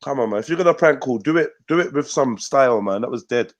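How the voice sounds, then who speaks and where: A man's voice: medium pitch, animated, quick pace, lo-fi sound. A man hosting a live call-in show, joking and repeating himself in casual slang. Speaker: host.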